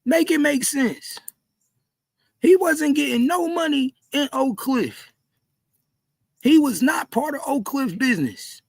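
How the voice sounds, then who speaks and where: A man doing heated livestream commentary, repeating himself in disbelief and often shouting. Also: very high voice, lively intonation, takes it slowly, long pauses, dry recording. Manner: repetitive, incredulous, frequently shouting. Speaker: commentary streamer.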